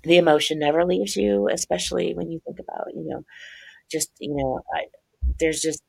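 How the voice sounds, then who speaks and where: A woman's voice: low-pitched, fairly even intonation, moderate pace, vocal fry, husky. A woman author telling a very personal story in a podcast interview, earnest and openly religious, tearing up at times. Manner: earnest, religious, tearful at times, acts out voices in her story. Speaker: author and guest.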